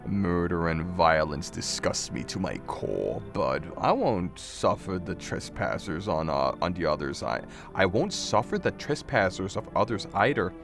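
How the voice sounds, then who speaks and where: A man's voice: low voice, sing-song, unhurried, few pauses, over music, pitched below the performer's own voice, exaggerated voice. A man voicing a tall, eerie male visitor creature in a game, polite and faintly menacing. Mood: courteous. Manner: smooth, courteous, faintly menacing. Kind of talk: game dialogue read aloud.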